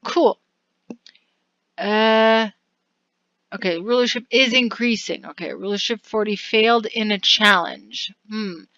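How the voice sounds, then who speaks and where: A woman's voice: medium pitch, slow pace, pauses often, fairly bright tone, no echo, lo-fi sound. A woman casually narrating a video game, reading its text aloud with chatty asides and frequent laughs. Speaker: let's-play narrator.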